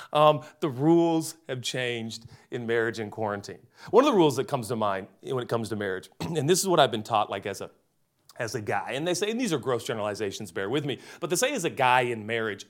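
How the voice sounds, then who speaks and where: A man in his forties preaching a comedic sermon, animated and jokey, turning earnest. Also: mid-range voice. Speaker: pastor.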